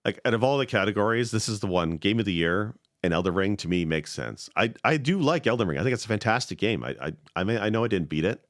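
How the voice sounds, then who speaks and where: A man co-hosting a podcast, speaking bluntly in relaxed casual chat with frequent swearing. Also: on the low side, fast, few pauses, dry recording, clean studio sound. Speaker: podcast co-host.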